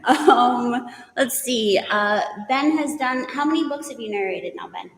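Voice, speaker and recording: A woman's voice: a little high, unhurried. A woman author hosting a live question session, talking hesitantly with many fillers and light giggles. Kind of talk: casual live Q&A. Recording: very echoey hall with long reverb.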